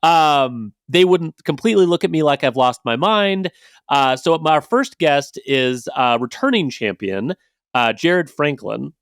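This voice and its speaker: A man's voice: medium pitch, dry recording, studio quality. A man hosting a podcast, talking casually with frequent fillers and restarts as he introduces the episode and guests. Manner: conversational, many fillers and restarts. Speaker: podcast host.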